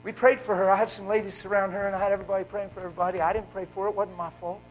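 A man preaching a live sermon in a church, wearing a mic, fervent and swinging between loud exclaiming and hushed talk. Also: high-pitched, level tone, very fast, a little hiss or hum, poor audio. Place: church service.

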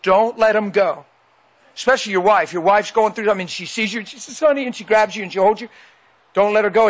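A man's voice: high-pitched, a bit bright. A male preacher telling a personal story in a folksy, emphatic way, acting out the dialogue. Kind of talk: sermon storytelling.

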